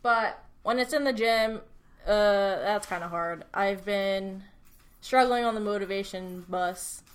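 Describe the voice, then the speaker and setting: A woman co-hosting a podcast as a trainer, chatting in a relaxed, laid-back way. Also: mid-range voice, slow pace. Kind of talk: casual podcast chat.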